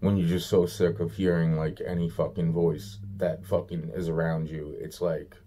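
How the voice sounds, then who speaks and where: A man's voice: low-pitched, level tone, moderate pace, warm tone, a little hiss or hum. A man giving a rambling, profane solo rant, exasperated and repeating himself often. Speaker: vlogger.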